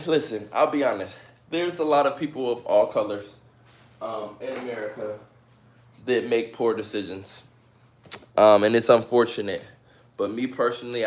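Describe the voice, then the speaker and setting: A man's voice: fairly low pitch, fairly even intonation, moderate pace, roomy sound, a little hiss or hum. A man casually chatting and joking with viewers during a live stream, talking straight to them. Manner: chatty, playful, addresses viewers directly.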